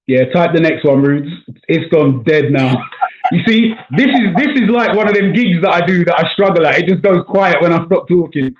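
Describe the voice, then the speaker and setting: South London comic guest, a touch high, talking loose over a thin, echoey call line. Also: male voice, normal speed. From South London, England. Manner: relaxed, chatty, says man and bro often. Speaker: stand-up comedian guest. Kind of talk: casual chat. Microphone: video call. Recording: echoey, tinny call audio.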